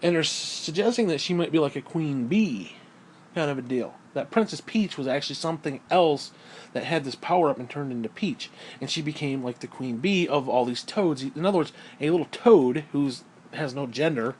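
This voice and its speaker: Male ranter, slightly raised pitch, crude and heated, hammers points through repetition. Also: animated, normal speed, a little mellow, slight background noise. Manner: crude, heated, swears constantly; repeats phrases for emphasis. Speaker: video creator. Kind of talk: profane ranting monologue.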